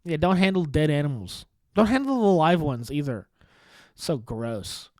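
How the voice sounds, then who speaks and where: A man's voice: a little high, moderate pace, dry recording. Sarcastic man ranting on a dry mic. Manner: deadpan sarcastic, swearing, rambling with restarts. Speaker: podcast host. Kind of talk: sarcastic solo comedy podcast monologue.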